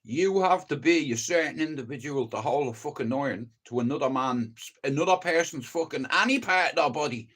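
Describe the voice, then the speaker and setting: A man's voice: a little high, expressive, a little fast, few pauses, a bit bright, husky. Profane Dublin man telling a story. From Ireland. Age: older. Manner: blunt, profane, agitated storytelling with stammered restarts. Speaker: livestreamer. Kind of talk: casual livestream monologue.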